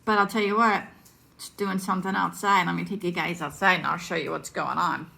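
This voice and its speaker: A woman vlogging casually at home with a handheld camera, chatty and quick to laugh. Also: lowish voice, fairly even intonation, vocal fry, bright, forceful tone. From Southern United States. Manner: chatty, laughs often, coos at pets. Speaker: vlogger, mom. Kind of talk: casual vlog chat. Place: home and snowy backyard.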